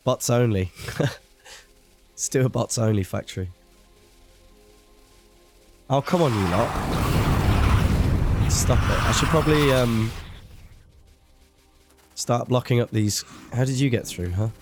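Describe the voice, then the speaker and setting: A man's voice: mid-range voice, takes it slowly, pauses often, over music. Rambling man streaming a game. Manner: rambling, self-deprecating chatter while playing. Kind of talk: casual live-stream commentary.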